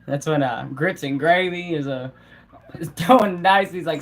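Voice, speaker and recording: A live streamer talks to the chat in an easy, laid-back way, full of slang and quick laughs. The voice sits at a middle pitch and stays relaxed and chatty.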